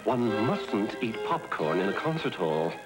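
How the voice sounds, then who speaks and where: Haughty male usher in a TV ad, voice swooping widely, loud music behind. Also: lowish voice, very animated, measured pace. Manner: haughty, formal. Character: stern formal male concert hall usher. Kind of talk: TV commercial acting.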